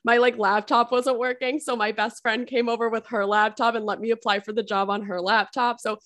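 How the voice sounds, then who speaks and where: A woman guest on a podcast, telling a personal story in casual chat, full of "like" fillers and acting out what others said. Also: a little fast. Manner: chatty, many "like" fillers, acts out quoted voices; lively, swings up in pitch on quotes.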